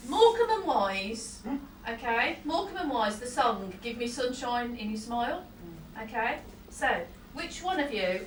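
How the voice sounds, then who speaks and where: A woman with a fairly high voice gives a psychic reading to a room full of people. She is talkative and apologetic, and laughter keeps breaking into her sentences. The recording is roomy and distant, with a faint hiss underneath. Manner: chatty, laughs often, apologetic asides. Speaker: psychic medium. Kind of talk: live audience reading. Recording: roomy hall, distant mic, faint noise.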